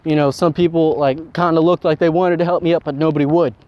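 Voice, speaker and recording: A man's voice: fairly high pitch, steady tone, fast, no echo. A young man telling a personal story in a casual, rambling way, with many fillers. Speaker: vlogger. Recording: dull lo-fi sound with faint noise.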